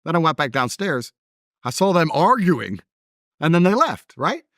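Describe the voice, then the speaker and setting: In relaxed conversation, this interview host spins animated stories in a blunt, combative manner. His slightly high voice moves at a normal speed, recorded dry in a clean studio.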